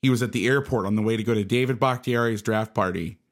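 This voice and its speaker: Low-voiced man telling a lively story. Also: quick pace. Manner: animated anecdote telling, acting out conversations. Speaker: football coach. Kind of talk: casual storytelling.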